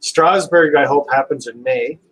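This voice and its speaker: A man's voice: medium pitch, normal speed, fairly bright tone, a little hiss or hum, rough recording. A man with a Canadian accent hosting a casual live stream chat, easygoing and jokey.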